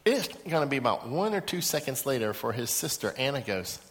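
A middle-aged man, a pastor, teaching a Bible lesson to a seated group, animated as he acts out little scenes and repeats his key points. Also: medium pitch, a little fast, long reverb tail. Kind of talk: sermon to a live group. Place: large room with a seated audience.

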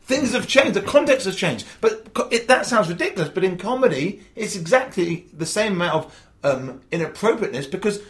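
A man's voice: sits high, animated, fairly quick, hardly any pauses. A man, a stand-up comedian, talking through his craft in an interview over a video call, emphatic and storytelling, acting out quotes. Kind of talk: animated interview chat. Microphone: video call mic.

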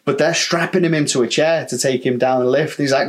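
A man in casual storytelling chat, middle-pitched and easygoing. He swears freely and slips into other people's voices to act out what they said. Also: fairly quick. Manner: chatty, swearing, acts out quotes. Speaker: podcast co-host, former holiday rep.

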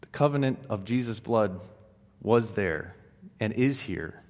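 A male pastor giving a sermon, moving between hushed, solemn passages and emphatic raised exclamations, with casual asides and restarts. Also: lowish voice, animated, unhurried. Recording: long hall reverb.

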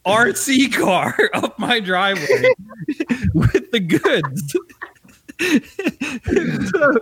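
A man's voice: very high voice, very slow, slight background noise. A man casually telling an annoyed story on a podcast, swearing and laughing a lot as he goes. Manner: animated, profane, laughing often.

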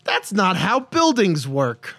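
A man's voice: high-pitched, wildly swooping pitch, slow, sharp tone, no echo. A man co-hosting a podcast, chatting casually about a movie in a mocking, sarcastic way with hesitant restarts. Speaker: podcast co-host. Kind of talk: casual movie-review chat.

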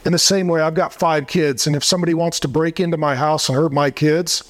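A man preaching a sermon as a pastor, delivering it in a forceful, combative way. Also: a little high, steady tone, a little fast.

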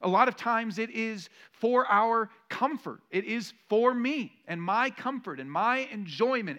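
A man's voice: very high-pitched, lively intonation, a little slow, few pauses, dull audio. A man preaching a sermon to his church, telling stories and building to rhetorical questions with rising emphasis. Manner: storytelling, varies loudness for emphasis. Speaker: pastor.

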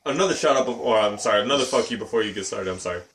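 Animated man telling stories on a podcast. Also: fairly low pitch, very fast, roomy sound, a little hiss or hum. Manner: animated storyteller, acts out quotes. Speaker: podcast co-host. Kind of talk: casual chat.

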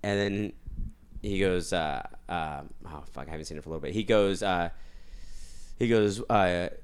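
Low-voiced young man, animated chatter. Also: normal speed, smooth. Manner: animated storyteller, swears freely, many restarts. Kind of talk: casual chat.

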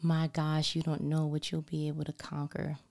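Woman, casual storyteller, slightly low pitch, animated, frequent whispered asides. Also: moderate pace, vocal fry. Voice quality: drops into whispers often. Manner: animated, expressive, talks directly to listeners. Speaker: mother telling a story about her daughter.

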